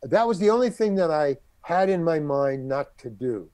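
This character actor, an older man with a slightly high voice, talks at normal speed with a clean tone and no echo. In a casual interview he spins an animated tale from his career, acting out the quoted voices of others.

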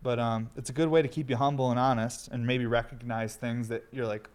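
Here the same kind of rambling comes in a mid-range, smooth, darkish voice that is brisk and steady. The young man, a streamer and podcaster, is smoking at home and shivering with cold, talking profanely and unfiltered while poking fun at himself.

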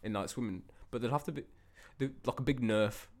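A man's voice: medium pitch, fairly quick, slight background noise. A man, a band member chatting casually, rambling with plenty of fillers. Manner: relaxed, rambling, filler-heavy. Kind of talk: casual chat.

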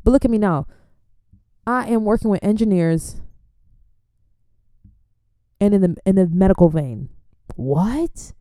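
A young woman from an immigrant family, talking in a chatty, animated way as she gives faith-based life advice and laughs often. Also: mid-range voice, moderate pace, pauses often, clean tone, no room sound, studio quality. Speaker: Christian vlogger. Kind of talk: casual advice talk.

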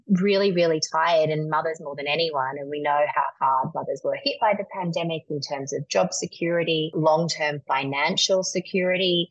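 Australian woman in her 40s, deep voice, slightly dull recording, animated guest. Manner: animated, laughs often, stretches words for emphasis. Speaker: magazine editor guest. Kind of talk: podcast interview chat.

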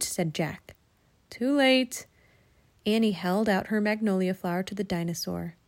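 Woman reading a children's book aloud. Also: measured pace. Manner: animated, voices the children's lines louder and higher.

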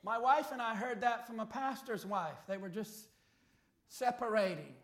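A man preaching a sermon, telling a story and rising to shouted appeals. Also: high voice, moderate pace. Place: church. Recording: echoey church hall.

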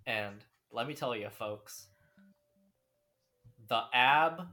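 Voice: medium pitch, extremely slow, sharp tone. A podcast co-host in casual chat, joking and mock-bragging.

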